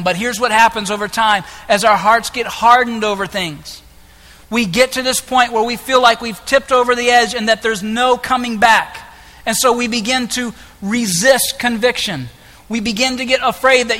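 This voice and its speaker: A man preaching a sermon as pastor, impassioned, moving between hushed lines and loud ones. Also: high voice, normal speed. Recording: echoey hall with long reverb.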